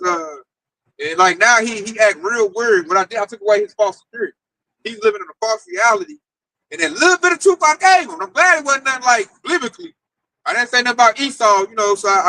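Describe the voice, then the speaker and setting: A man with an Oklahoma accent telling a story in casual talk, animated and acting out the quoted voices. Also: high-pitched, poor audio. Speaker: camp member telling a story.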